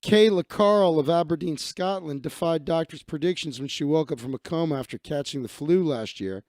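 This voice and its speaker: A man's voice: a little high, normal speed, a little mellow, no room sound, clean studio sound. A man hosting a live stream, reading news stories aloud and ranting bluntly with heavy profanity.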